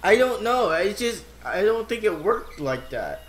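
Excitable let's-play man, animated voice. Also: high voice, unhurried, roomy sound. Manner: excitable, reacts loudly with exclamations. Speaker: gameplay commentator. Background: game music.

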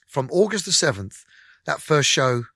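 With a fairly high-pitched voice at normal speed, a middle-aged man who is a musician guests on a radio interview. He's an animated, candid storyteller who performs the conversations he recounts, and the recording is studio quality with no echo.

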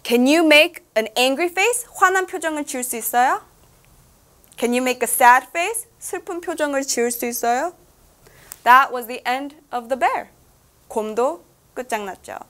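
A woman's voice: sits high, rapid-fire, fairly bright tone. A woman reading a children's storybook aloud as a lesson, switching between English and Korean, playful and full of questions to the listener. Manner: playful, asks the listener questions, laughs often.

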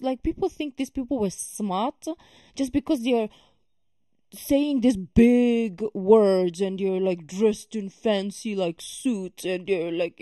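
A woman's voice: mid-range voice, mellow, no echo, clean studio sound. A woman hosting a reaction video, talking casually and emphatically with many fillers and exasperated remarks.

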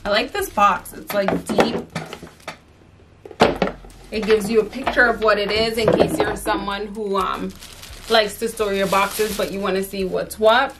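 A young woman talks through an unboxing in an unhurried, drawn-out way, with an exasperated, chatty manner full of "like" and "um". A faint hiss sits under her voice, with occasional clicks of handling. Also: mid-range voice, fairly even intonation. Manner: chatty, exasperated, filler-heavy. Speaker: fashion vlogger. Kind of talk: casual unboxing chat.

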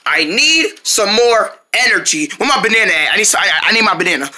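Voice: medium pitch, expressive, brisk, bright, forceful tone. A performer voicing a hungry monkey racer in a cartoon who mumbles while munching bananas. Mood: greedy. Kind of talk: cartoon voice acting.

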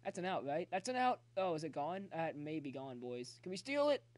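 Excitable young guy streaming a baseball game. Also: fairly high pitch, brisk, no room sound. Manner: excitable, talks to chat, cheers players on. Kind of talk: live gameplay commentary. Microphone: phone.

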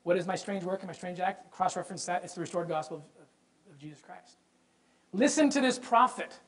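A man's voice: sits high, fast talker, poor audio. Man giving a fervent religious history lecture. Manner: emphatic, with rhetorical questions to the audience; repeats words when excited. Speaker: presenter.

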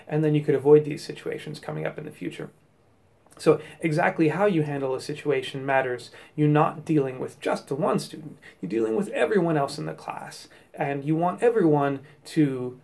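Gravelly man explaining step by step. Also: on the high side, darkish tone. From United States. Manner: reasoning step by step through examples. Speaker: teacher. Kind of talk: explanatory talk on classroom discipline.

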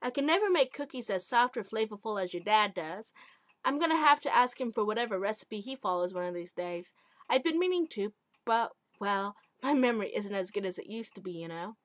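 A woman's voice: medium pitch, expressive, a little fast, no echo, clean studio sound, lightly acted. A woman voicing a chatty, lonely old widow in a self-read short story.

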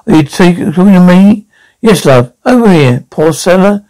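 A woman's voice: fairly low pitch, lively intonation, normal speed, warm tone, natural voice, low-quality recording. A woman playing a brash, foul-mouthed elderly nan who heckles and taunts everyone, for a TV sketch. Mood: mocking. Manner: heckling, taunting, name-calling. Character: brash foul-mouthed old London nan, rude and cheeky. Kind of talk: TV sketch comedy acting.

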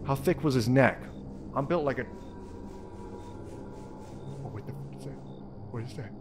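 A man's voice: mid-range voice, moderate pace, noisy background. A young man giving jokey, jumpy commentary while playing a horror game, swearing and talking to himself. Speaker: let's play host. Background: game music.

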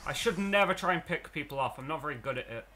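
A young man commenting live on the baseball game he is playing, excitable and often breaking into shouts. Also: fairly high pitch, fast talker, a little hiss or hum. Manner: excitable, swings into shouting at plays. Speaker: let's play gamer.

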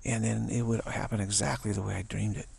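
A man giving a spiritual talk who speaks haltingly, stammers and repeats words, and chuckles at his own points. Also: fairly low pitch, flat delivery, gravelly, darkish tone, slightly rough, no room sound. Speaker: spiritual teacher.

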